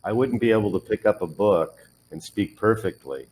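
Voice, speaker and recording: Give me a man with a somewhat low voice running a patient one-on-one pronunciation lesson. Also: moderate pace, a little mellow, rough recording. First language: English. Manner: patient, models words and corrects drills. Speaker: English pronunciation teacher.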